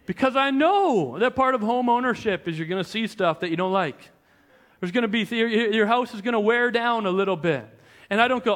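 A young adult man, a pastor, preaching a sermon in a conversational, animated storytelling way with frequent restarts. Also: very high-pitched, fairly quick.

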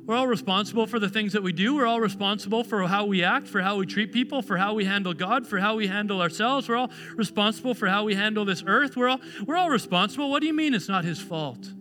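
A man preaching a sermon at a church service, earnest, building to emphatic repetition and easing back to a quiet prayer. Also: sits high, quick pace, hardly any pauses. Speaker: pastor. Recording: clear music playing behind. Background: music.

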